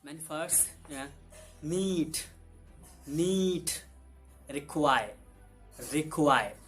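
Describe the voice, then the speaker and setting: A man's voice: fairly high pitch, lively intonation, very slow, a bit bright, soft background music. A man teaching English vocabulary, saying each word twice in simple, broken English. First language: Hindi. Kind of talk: vocabulary lesson with repeated words.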